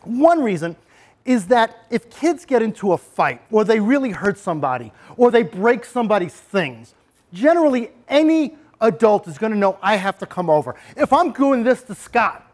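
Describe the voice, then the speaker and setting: A man with a high, very lively voice gives a talk on bullying prevention. He slips into the first person as the bully to make his points, swooping up and down as he goes. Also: normal speed. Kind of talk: lecture with role-play.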